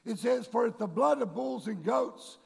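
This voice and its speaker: A man preaching a sermon to his congregation, bursting into shouted, drawn-out emphasis and calling them folks and church. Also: very high voice, lively intonation, creaky, slightly rough. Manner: addresses the congregation directly. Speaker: pastor. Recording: long reverb of a large hall.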